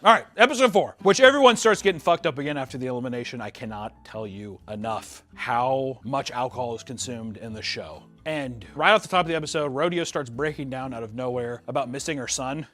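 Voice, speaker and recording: A man's voice: mid-range voice, animated, fairly quick, few pauses, a bit bright. A man hosting a podcast, giving loose, profane commentary on a reality show and laughing often. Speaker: podcast host.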